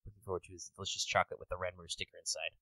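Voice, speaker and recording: A man co-hosting a podcast in casual chat, rambling and swearing with quick bursts of excitement. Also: low voice, dry recording, rough recording. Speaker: podcast co-host.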